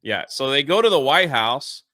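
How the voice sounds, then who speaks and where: A man's voice: medium pitch, very animated, moderate pace, pushed and bright, no echo, clean studio sound. A man hosting a podcast, giving a casual, rambling spoiler recap of a movie with lots of fillers. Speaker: podcast host.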